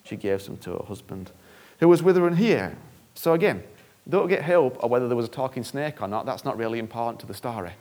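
Man preaching a sermon, gravelly creaky voice, earnest, conversational, repeats himself for emphasis. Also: medium pitch, expressive, quick pace, darkish tone.

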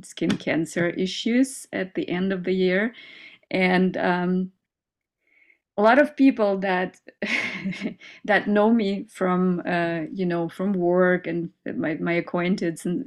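A woman speaking as an interview guest in a casual, heartfelt conversation, earnest and upbeat, with many fillers and small laughs. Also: on the low side. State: mother.

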